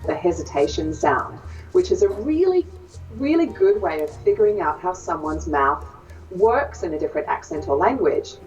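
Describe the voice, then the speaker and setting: A woman's voice: on the low side, very animated, normal speed, darkish tone. Brief: female Australian accent coach, thoughtful and hesitant, dull distant clip sound. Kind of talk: interview explanation.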